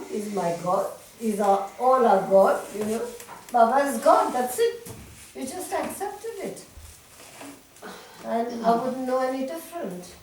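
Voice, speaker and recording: Recorded far off in an echoey talk room at a centre, with faint hiss, this older Indian woman has a voice on the high side. As an interviewee in a reminiscing conversation, she tells her memories animatedly, laughing often in a lively retelling.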